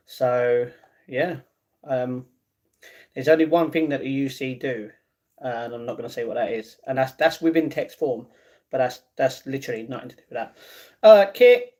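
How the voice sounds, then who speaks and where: A man's voice: mid-range voice, moderate pace, long pauses, a little mellow. A man in his twenties casually chatting on a live stream, reading viewers' comments aloud and restarting his sentences often. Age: 20s. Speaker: livestreaming vlogger.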